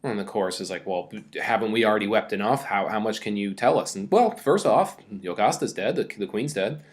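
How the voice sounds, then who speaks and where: A man's voice: lowish voice, lively intonation, fairly quick. A man teaching a casual recorded mini-lecture, talking loosely with many fillers and reading quoted passages aloud with more energy.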